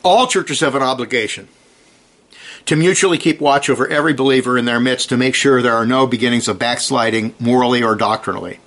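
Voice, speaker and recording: A man preaching a sermon, earnest and emphatic, driving his points home with short repeated commands and reading scripture slowly with rising stress. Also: medium pitch, fairly bright tone.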